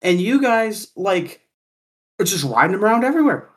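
A man from Kansas telling a story in casual chat, animated and profane, with lots of "like" fillers. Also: high-pitched, moderate pace.

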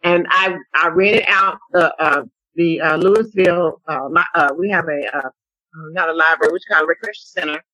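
Woman guest, husky and bright, animated storyteller, dry close sound. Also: lowish voice, normal speed, dry recording, poor audio. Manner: animated storyteller, acts out quotes. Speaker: interview guest, advocate. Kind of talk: conversational testimony.

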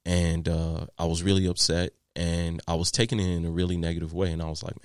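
A man's voice: low-pitched, fairly quick, few pauses, no echo, studio quality. A man, a landscaping business owner, telling candid stories in an interview with lots of fillers and restarts. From Texas. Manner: candid, animated storyteller with many fillers and restarts. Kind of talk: interview storytelling.

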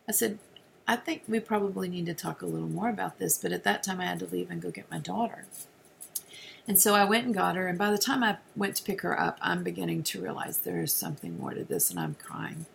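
A middle-aged woman telling a personal faith testimony in an earnest way, with many restarts and soft drops toward a whisper. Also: lowish voice, creaky, slight background noise. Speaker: speaker sharing a personal testimony.

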